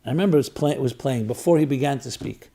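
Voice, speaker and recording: A man who is a rabbi, telling a story in an earnest reflective talk, repeating phrases in threes for emphasis and dropping soft on tender phrases. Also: mid-range voice, rapid-fire, slightly rough. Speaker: rabbi and spiritual teacher.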